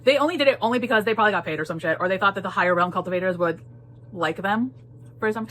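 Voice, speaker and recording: A woman's voice: fairly low pitch, quick pace, a bit bright. A woman giving a casual spoiler book talk, emphatic and full of repeated phrases and laughter. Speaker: book reviewer.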